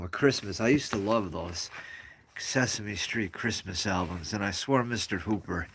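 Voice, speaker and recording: Slow, rambling man live-streaming. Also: on the low side, a little hiss or hum. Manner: slow, rambling, greets viewers. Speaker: livestream host. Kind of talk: casual live-stream chat.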